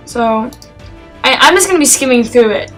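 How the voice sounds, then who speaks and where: A woman's voice: fairly high pitch, expressive, moderate pace, a bit bright, faint music behind, poor audio. A woman giving a casual spoken film review, enthusiastic and rambling, with lots of fillers and restarts.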